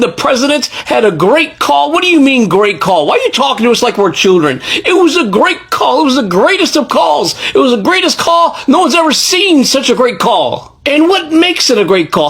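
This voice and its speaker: A woman ranting through a reaction video with sharp, mocking contempt. Her pitch swings widely from line to line, and she swears freely. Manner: blunt, mocking and profane. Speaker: commentator reacting to a clip.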